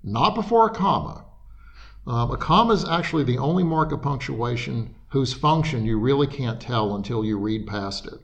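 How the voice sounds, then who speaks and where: A man explaining writing principles in an interview, patient and methodical, pausing now and then to restart a thought. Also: mid-range voice. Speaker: writing expert guest.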